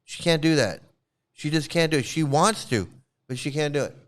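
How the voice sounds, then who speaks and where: A man's voice: a little high, animated, normal speed. A man hosting a casual reaction livestream, mocking and profane, laughing often as he talks. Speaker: online streamer criticizing a cult.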